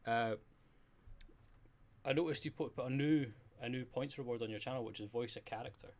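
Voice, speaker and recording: A Scottish man hosting a podcast, easygoing and quick to laugh along. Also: medium pitch. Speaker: podcast host. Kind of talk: casual podcast interview.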